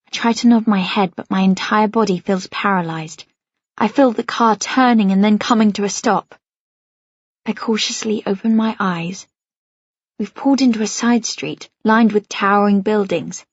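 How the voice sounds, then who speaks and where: A woman's voice: mid-range voice, moderate pace, slightly rough, dry recording. A woman narrating a first-person novel as an audiobook, reading expressively and anxiously. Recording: dry, slightly dull studio sound.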